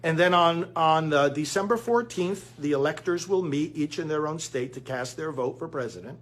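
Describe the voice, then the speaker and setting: A man's voice: on the high side, moderate pace, a bit bright. A man giving an earnest political commentary monologue straight to his listeners, calling them friends. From United States.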